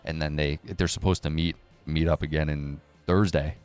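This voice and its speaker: Deep-voiced man ranting on a stream. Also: steady tone, moderate pace, a little mellow, clean tone, faint music behind. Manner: rambling, profane, sarcastic, jumps between topics. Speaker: crypto news streamer. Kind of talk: casual live-stream rant.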